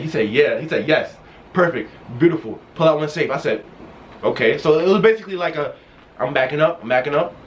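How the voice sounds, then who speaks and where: A young man telling a casual storytime vlog, excited and rambling, restarting his sentences often. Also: on the high side, a little hiss or hum. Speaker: vlogger. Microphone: wearing a mask while talking.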